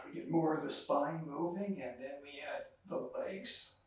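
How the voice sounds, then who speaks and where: A man leading a qigong class speaks slowly as he guides students through each movement, counting breaths with long exhaled sounds. He sounds a little out of breath. His voice comes from far off in a very echoey practice room. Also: a little high, fairly bright tone, a little hiss or hum. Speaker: qigong instructor.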